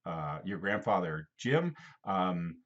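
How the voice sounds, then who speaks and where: A man's voice: deep voice, big pitch swings, takes it slowly, fairly bright tone, muffled recording. A man teaching a casual geography lesson, rambling and playful, talking straight to a student.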